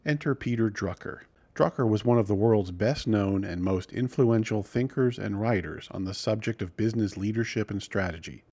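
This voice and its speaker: A man hosting a podcast, reading scripted narration in a measured, even way. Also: lowish voice.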